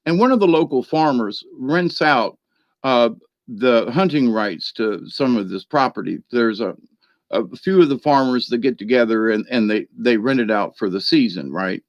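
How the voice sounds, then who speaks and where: A man telling a rambling personal story in a chatty way, laughing often and filling pauses with ums and restarts. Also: mid-range voice, animated, no echo. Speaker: spiritual card reader. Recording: dry, dull lo-fi sound.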